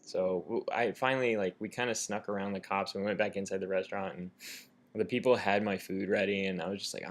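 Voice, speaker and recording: A young American man talks straight into his own camera, rambling through a story with lots of fillers. His voice sits a little low, and he acts out the people in it as he goes. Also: fairly quick. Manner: rambling, animated retelling with many fillers. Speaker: vlogger. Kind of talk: casual storytelling. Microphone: camera mic, self-filmed.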